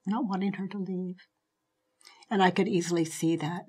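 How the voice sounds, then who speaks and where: A woman giving a reflective spiritual teaching talk in a slow, gentle way that often drops into soft whispers, heard as a played clip from an online video. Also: mid-range voice, breathy edge.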